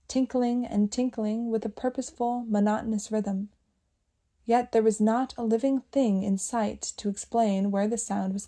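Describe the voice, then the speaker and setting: A woman reading a novel aloud as an audiobook narrator. Her tone is warm and mellow, and she keeps a steady, measured storytelling pace through long descriptive passages. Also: medium pitch.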